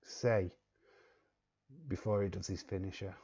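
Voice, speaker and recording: A man's voice: low voice, steady tone, unhurried, dark tone, slightly rough, muffled recording. A young English man hosting a quiz on a live stream, joking and chuckling as he reads the chat. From England. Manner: joking, chuckling, repeats words while reading chat. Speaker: quiz host.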